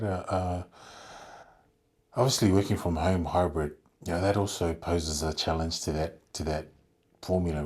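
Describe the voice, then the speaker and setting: A man with a low, husky voice, talking as a guest on a podcast interview. He thinks aloud, circling back through fillers and restarts as he explains his work leading a contact centre. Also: a little mellow. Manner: thoughtful, rambling with many fillers and restarts.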